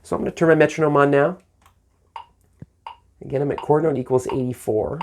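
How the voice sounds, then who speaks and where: A man's voice: a little high, fairly even intonation, brisk, creaky, noisy background. A man teaching a saxophone lesson on video, patient and encouraging, speaking syllables aloud in rhythm to demonstrate.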